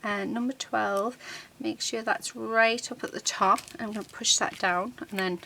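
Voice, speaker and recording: A woman with a bright, clear tone hosts a relaxed crafting tutorial from her desk. She takes her time and narrates each small step as her hands work. She chats along with frequent ums and half-finished words. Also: a little high, slight background noise. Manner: chatty, unhurried, many ums and restarts; talks while working with her hands.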